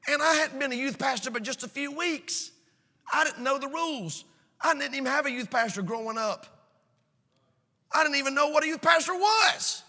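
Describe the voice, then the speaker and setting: A man preaching a sermon, emphatic and storytelling, swinging between shouts and hushed asides. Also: very high voice, expressive, moderate pace, creaky, breathy edge, big-room sound. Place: church sanctuary.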